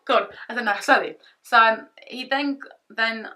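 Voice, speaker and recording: A young woman chatting to camera from her home office, retelling a past relationship with animated quoted asides. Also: a little high, normal speed. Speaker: vlogger. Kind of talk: storytime vlog. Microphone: camera-mounted shotgun mic.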